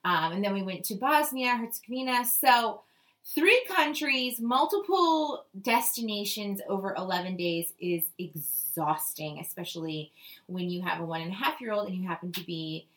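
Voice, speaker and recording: A woman's voice: mid-range voice, expressive, normal speed, fairly bright tone. A woman co-hosting a casual travel podcast, bubbly and enthusiastic, laughing often as she talks. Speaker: podcast co-host.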